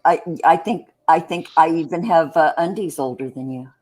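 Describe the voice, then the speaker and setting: Older lady cohost, lowish voice, cheeky and crude, cracking jokes on a live stream. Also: darkish tone. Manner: teasing, bawdy, quick asides. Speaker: co-host. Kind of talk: casual live-stream chat.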